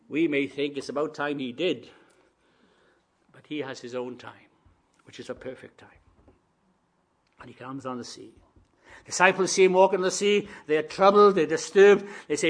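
A preacher, a man, delivering a sermon, shifting between quiet reflective musing and loud rising proclamation. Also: high-pitched, normal speed.

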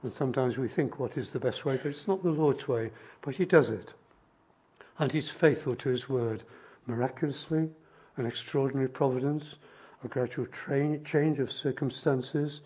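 Mellow husky male preacher. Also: mid-range voice. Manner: measured, gentle expository preaching. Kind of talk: sermon.

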